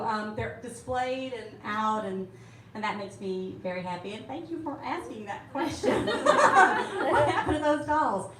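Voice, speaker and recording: Laughing middle-aged author woman. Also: fairly high pitch. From Alabama. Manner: chatty, laughing often, storytelling. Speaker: author at a book event. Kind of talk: casual Q&A answers. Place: bookstore event room. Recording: roomy room, distant mic, faint hiss.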